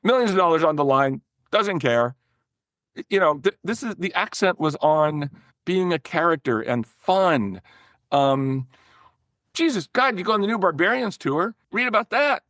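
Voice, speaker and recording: An older man, a former record promoter, telling animated, profane stories as a podcast guest, often restarting his sentences. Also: high-pitched, moderate pace, no room sound, clean studio sound. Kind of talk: casual storytelling in a podcast interview.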